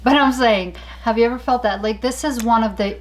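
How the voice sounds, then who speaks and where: A woman co-hosting a casual talk show, telling stories in an animated, chatty way with frequent laughter. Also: fairly high pitch, fairly quick. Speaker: podcast co-host. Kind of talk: casual chat.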